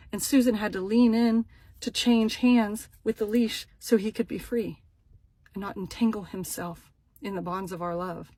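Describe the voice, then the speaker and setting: Woman, young adult, comedic storytelling, dramatic, self-mocking, loud bursts and hushed asides, mid-pitched voice. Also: breathy edge, no echo. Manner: self-mocking, punchy short sentences.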